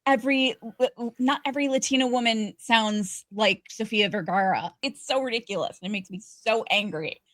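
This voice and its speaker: A woman's voice: on the high side, normal speed, hardly any pauses, a bit bright, dry recording. Woman co-host, casual and emphatic, dry close recording. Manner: emphatic, frequent restarts. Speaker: podcast co-host. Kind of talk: casual chat reviewing a TV show.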